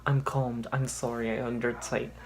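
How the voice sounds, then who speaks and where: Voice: medium pitch, flat delivery, normal speed, a little hiss or hum, close to an everyday voice. A reader voicing a melodramatic eighteen-year-old boy from a teen romance story, sounding overwrought. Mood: pleading. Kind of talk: mock-dramatic reading.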